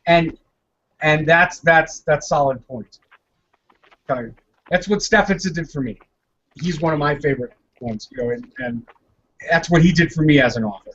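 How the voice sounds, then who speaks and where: A man with an Indian accent co-hosting a podcast, animated and opinionated, with jokes along the way. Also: on the high side, normal speed, long pauses. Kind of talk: podcast interview chat. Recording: dull lo-fi audio with faint noise.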